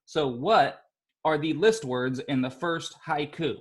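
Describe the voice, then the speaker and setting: Upbeat man teaching young kids. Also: fairly high pitch. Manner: upbeat and encouraging, sounds out syllables slowly. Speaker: elementary school teacher. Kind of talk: teaching a class of young children.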